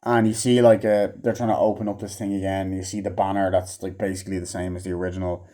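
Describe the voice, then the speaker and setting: A man's voice: sits low, flat delivery, quick pace, dark tone. Rambling, swearing male movie reviewer. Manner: rambling, profane, offhand. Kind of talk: casual movie review vlog.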